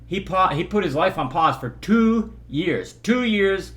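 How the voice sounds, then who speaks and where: A man from Southern California, with a high-pitched, expressive, fairly bright voice and a slightly slow pace, gives a casual movie review from a hotel room. He rambles, stumbles over words, jokes along the way, and slips into impressions.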